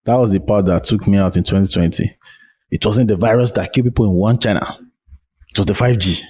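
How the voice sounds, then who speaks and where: Nigerian male host, Nigerian accent, deep and mellow, short pidgin asides. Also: fast, slightly rough. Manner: short interjections, drops into pidgin. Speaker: podcast host. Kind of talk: casual podcast chat. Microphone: remote call.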